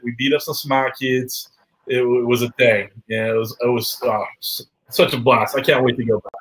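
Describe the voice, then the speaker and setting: A man's voice: mid-range voice, level tone, normal speed, a bit bright, low-quality recording. Brief: male livestream host, loose banter, curses freely, slight hiss behind. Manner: loose, swearing, laughing banter. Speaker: live show host. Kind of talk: casual live-stream chat.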